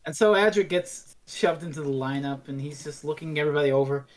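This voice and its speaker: A woman's voice: deep voice, fast, a little mellow. A woman co-hosting a review podcast in casual chat, playful and acting out quoted lines. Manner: playful, acts out quoted characters. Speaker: podcast co-host.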